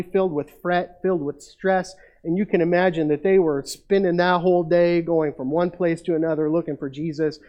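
A male pastor delivering a sermon in a high voice. He tells the story with energy, rising loud and excited at the dramatic moments and dropping to soft asides. He keeps turning to his listeners with questions. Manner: asks the congregation rhetorical questions.

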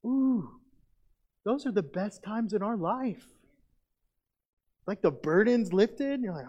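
A man preaching a sermon as pastor, earnest and conversational, with animated asides. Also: sits high, a little slow. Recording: dull lo-fi recording.

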